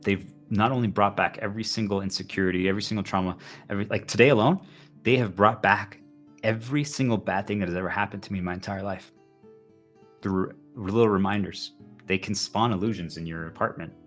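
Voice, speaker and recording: A man's voice: lowish voice, fast talker, faint music behind. A man livestreaming a rambling, intense personal monologue, full of repeated fillers. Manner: intense, repetitive, heavy use of "like".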